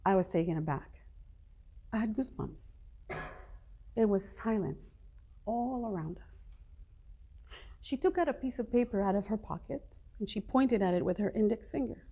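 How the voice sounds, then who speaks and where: A woman's voice: medium pitch, lively intonation, normal speed, long pauses, warm tone, slightly rough. A middle-aged woman motivational speaker telling her personal story to a live audience, emphatic and dramatic.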